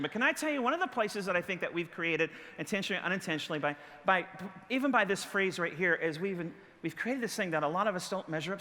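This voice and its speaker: A middle-aged male pastor preaching a sermon, telling a story with self-mocking humor and bursts of shouting. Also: on the high side, long reverb tail, slight background noise. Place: church sanctuary.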